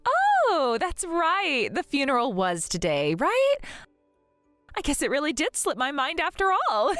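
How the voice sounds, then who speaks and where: A woman voicing a haughty, snobbish young woman in an animated story drama who talks in a mocking, sing-song way. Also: high voice, fairly quick, few pauses, dry recording, faint music behind. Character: haughty, snobbish rich young woman sneering at her sister-in-law.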